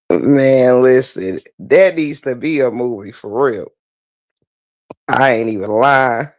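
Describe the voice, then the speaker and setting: A man's voice: fairly high pitch, creaky, no echo. A man hosting a casual recap for viewers, laughing so hard he cries and calling everyone "child" and "baby". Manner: laughing hard, crying with laughter, drawling Southern slang. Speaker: host.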